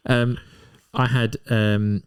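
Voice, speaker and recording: A man's voice: mid-range voice, flat delivery, drawn-out words, smooth, dry recording, clean studio sound. A man co-hosting a casual film podcast, eagerly sharing film trivia. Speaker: podcast co-host. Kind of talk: casual chat.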